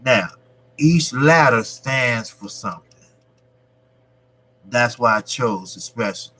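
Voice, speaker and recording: A man's voice: medium pitch, animated, slow pace, bright, forceful tone, rough recording. A man hosting a boxing livestream, reading the live chat aloud and talking bluntly and profanely in casual street banter.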